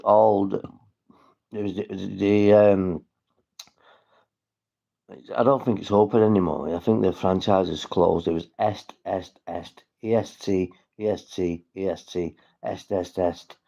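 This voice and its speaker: A man's voice: sits low, fairly even intonation, a little slow, vocal fry, dark tone, dull audio. A man from St Helens with a northwest English accent, rambling and swearing as he chats to viewers on a casual livestream. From St Helens, England.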